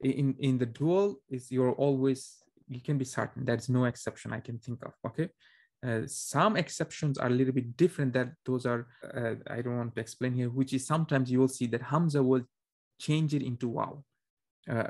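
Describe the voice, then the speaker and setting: A man's voice: medium pitch, moderate pace, a little mellow. A man teaching a beginner Arabic class, explaining conversationally and checking understanding with frequent questions to students. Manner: frequent restarts and fillers, conversational. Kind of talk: classroom lecture.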